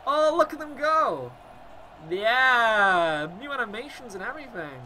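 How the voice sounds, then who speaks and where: A man hosting a gaming video, giving excited let's-play commentary in a gushing, excitable way. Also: very high-pitched, unhurried, a little hiss or hum. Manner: gushing, excitable, laughs often.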